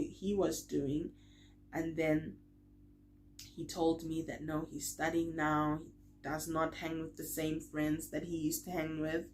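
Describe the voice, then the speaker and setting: A woman telling a personal story in a casual vlog, chatty and tired, acting out quoted lines with big swings in loudness. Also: low-pitched, slight background noise. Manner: chatty, full of fillers like "like" and "you know". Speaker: vlogger.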